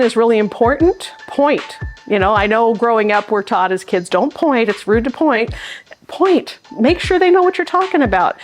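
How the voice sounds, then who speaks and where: A middle-aged woman and sign language interpreter, explaining practical tips in a friendly, emphatic way, often with demonstrations. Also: high voice. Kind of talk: instructional talk to camera.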